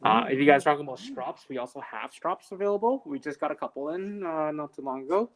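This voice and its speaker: A man's voice: a little high, animated, fast talker. Hesitant man reading viewer questions. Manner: hesitant, lots of "uh" and "um", agreeable. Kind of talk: casual live-stream chat. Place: knife shop.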